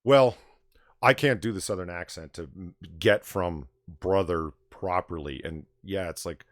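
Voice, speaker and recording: A man hosting a casual late-night livestream chat, animated and blunt, swearing and reading out viewer tips. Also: low voice, measured pace, no room sound, clean studio sound. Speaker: livestream bar host.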